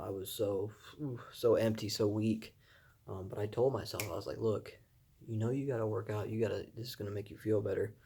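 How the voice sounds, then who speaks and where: Young man, low-pitched, mellow warm tone, casual rambling storytelling, lots of fillers, earnest. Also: breathy edge. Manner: rambling, many fillers and "I was like" asides, earnest; laughs softly at himself. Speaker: vlogger sharing his recovery story.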